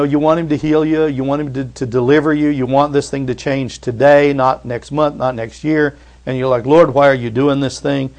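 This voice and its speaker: A man preaching a sermon in a conversational way, retelling scripture and rising to loud emphatic bursts. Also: mid-range voice. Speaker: pastor.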